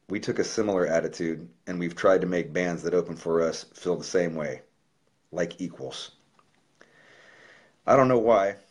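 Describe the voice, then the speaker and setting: A man's voice: sits low, darkish tone, slightly rough. A man, a musician, talking casually on a livestream and reading aloud a letter he wrote, swearing freely and speaking from the heart. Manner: profane, loose and heartfelt.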